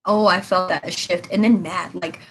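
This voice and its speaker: A woman's voice: fairly low pitch, fairly even intonation, moderate pace, a little hiss or hum, poor audio. A woman giving a casual tarot reading to her viewers, earnest and rambling, repeating her advice with emphasis. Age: adult with children. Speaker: tarot reader.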